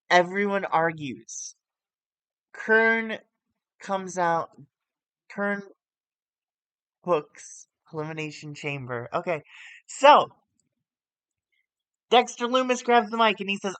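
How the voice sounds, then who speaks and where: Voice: medium pitch, expressive, slow, pauses often, fairly bright tone, dry recording. A streamer giving casual, rambling commentary with self-corrections while playing a wrestling management game on a close mic.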